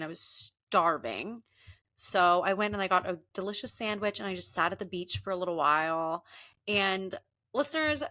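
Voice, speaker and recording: A young woman hosting a podcast, telling a story in a casual, animated way and acting out the people she quotes. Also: medium pitch. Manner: animated, laughing, often acts out quoted people. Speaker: podcast host. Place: Los Angeles.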